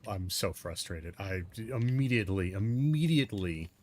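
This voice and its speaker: A man narrating his own gameplay, muttering and cursing in exasperation, with sudden loud outbursts. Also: on the low side, expressive, moderate pace. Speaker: gaming video host. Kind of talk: let's-play commentary.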